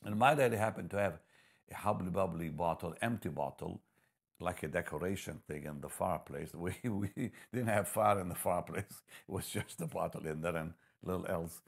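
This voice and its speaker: A man preaching a sermon, telling a personal testimony and reading scripture, moving from hushed storytelling to loud emphatic passages. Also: low-pitched, normal speed, creaky, breathy edge.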